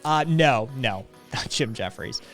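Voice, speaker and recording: Taking his time, a podcast co-host with an expressive, medium-pitched voice tells a long anecdote on a livestream. He rambles casually, fills it with fillers and acted-out quotes, and faint music sits underneath.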